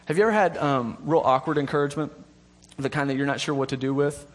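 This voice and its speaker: Male preacher, high-pitched, chatty and self-mocking, then earnest and repetitive for emphasis. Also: fast talker. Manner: conversational with self-deprecating humor and laughter. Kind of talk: sermon.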